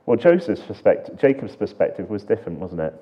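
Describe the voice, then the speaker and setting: A low-pitched man preaches a sermon, earnest and searching, leaning on rhetorical questions. He swings from emphatic lines down to quiet, hushed ones. The recording sounds dull and lo-fi. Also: sing-song, fast talker, slightly rough.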